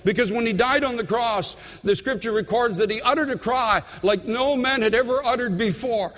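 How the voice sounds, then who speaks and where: Male preacher, high tenor, fervent testimony style, echoing sanctuary sound. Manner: fervent, repeats phrases, swings between hushed and loud. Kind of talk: sermon with personal testimony.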